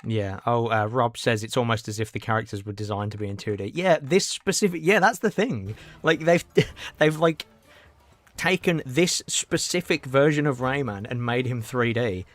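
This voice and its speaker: A man's voice: mid-range voice, normal speed, a bit bright, dry recording. A man chatting casually on a game livestream, rambling and answering his chat. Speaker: game streamer.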